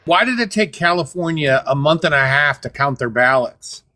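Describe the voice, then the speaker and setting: A man's voice: fairly high pitch, lively intonation, normal speed, sharp tone, no room sound. A man in a casual political debate who asks questions and rambles through his points. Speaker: debate guest.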